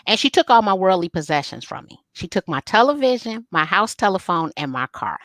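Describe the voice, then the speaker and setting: A middle-aged woman, an interview guest, telling family stories candidly and acting out the dialogue with lively, folksy humor. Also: mid-range voice, brisk, no echo. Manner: animated, folksy storyteller who acts out family dialogue. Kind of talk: candid storytelling in a live interview.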